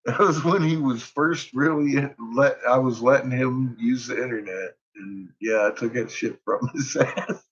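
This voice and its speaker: Laughing a lot and cursing without restraint, this middle-aged dad vlogs anecdotes about his son in a relaxed way. He has a mid-range voice with a breathy edge, captured in dull, lo-fi audio.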